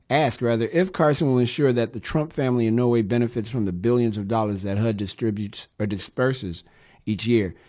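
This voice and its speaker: A man's voice: medium pitch, a little mellow. A man in a radio studio talks through the news in a casual commentary style. His voice sits mid-range, and he breaks up the quotes he reads with wry, sarcastic jabs. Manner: sarcastic, wry asides between read-out quotes. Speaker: radio show host.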